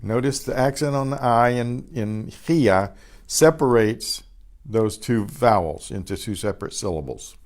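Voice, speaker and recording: A man teaching a Spanish pronunciation class. He says each word slowly and repeats it, and he often clears his throat. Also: medium pitch, a little mellow. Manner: models words slowly and repeats each one twice. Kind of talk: pronunciation lesson.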